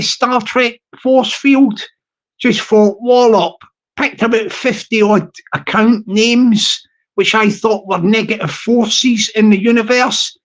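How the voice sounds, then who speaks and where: Rambling, jokey man hosting a livestream. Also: sits high. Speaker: livestream host. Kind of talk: casual livestream chat.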